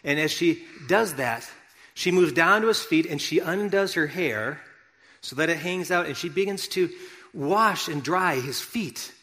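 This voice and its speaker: A man preaching a sermon as pastor, talking conversationally to his congregation and now and then bursting out loudly. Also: a little high, a little slow. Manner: conversational, animated preaching with sudden loud outbursts. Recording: long hall reverb.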